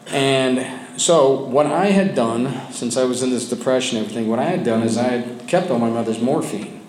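In an echoey meeting room full of men, a man gives personal testimony to his support group. He speaks candidly but haltingly, restarting often and sometimes sinking low and quiet. Faint ambience and slight background noise can be heard.

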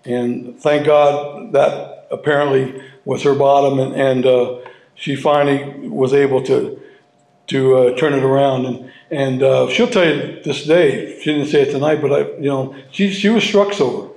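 A man sharing his personal story with an audience at a recovery meeting, halting and heartfelt, restarting and repeating his words as he goes. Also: medium pitch, steady tone, creaky, a little mellow. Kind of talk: personal testimony to a live audience. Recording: roomy hall sound.

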